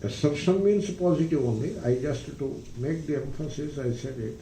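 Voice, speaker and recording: A man, a spiritual teacher, giving a philosophy discourse in a deliberate, emphatic way, with rhetorical questions. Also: fairly high pitch, dark tone, slight background noise. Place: retreat ranch hall. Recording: roomy, distant mic, faint ambience.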